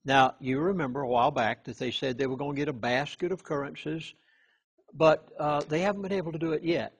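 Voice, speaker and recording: A man with a somewhat high, husky voice holds forth as a chaplain in an interview. He leans hard on key words and often restarts his sentences, giving his talk an earnest, urgent edge. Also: steady tone. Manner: emphatic, punches key words, halting restarts.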